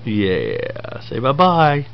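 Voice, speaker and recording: A woman's voice: very deep voice, wildly swooping pitch, extremely slow, muffled recording. Doting mother in sing-song baby talk. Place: home.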